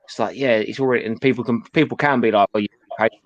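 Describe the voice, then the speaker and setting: A man's voice: mid-range voice, steady tone, fast, no room sound, dull audio. A man chatting casually about toys in an easygoing, agreeable way. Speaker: toy stream co-host. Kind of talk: casual chat.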